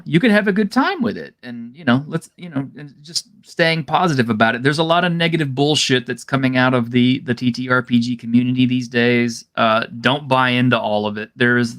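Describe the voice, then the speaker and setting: A man's voice: mid-range voice, fairly bright tone. A man co-hosting a casual discussion over a video call, rambling and filling his talk with "you know". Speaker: co-host.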